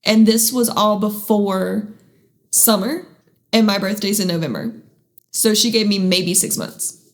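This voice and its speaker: A woman hosting a podcast, sharing her personal faith testimony at home in a candid, halting way, with many restarts and self-deprecating asides. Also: medium pitch, steady tone. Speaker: podcast host.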